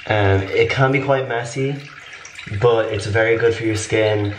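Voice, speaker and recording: Slightly raspy young man, echoey room. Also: lowish voice, steady tone, measured pace, a little hiss or hum. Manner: rambling, filler-heavy, upbeat. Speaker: beauty vlogger. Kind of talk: casual skincare tutorial.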